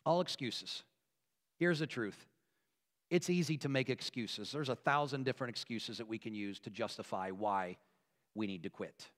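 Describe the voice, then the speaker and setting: A man preaching a sermon as a pastor, earnest, moving between emphatic, rising passages and quiet, hushed ones. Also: medium pitch, normal speed. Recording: long reverb of a large hall.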